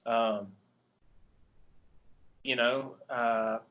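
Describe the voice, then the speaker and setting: Speaking very slowly in a medium-pitched voice with fairly even intonation, a film podcast host talks with the highs cut off the audio. He's still eager and casual about a movie he loves, rambling with lots of ums and restarts.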